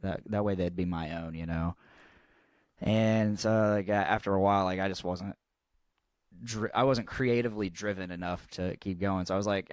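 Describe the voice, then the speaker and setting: A man's voice: sits low, steady tone, moderate pace, clean tone, no echo. A young man co-hosting a podcast, telling a long story in casual chat, rambling and swearing freely with lots of restarts. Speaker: podcast co-host.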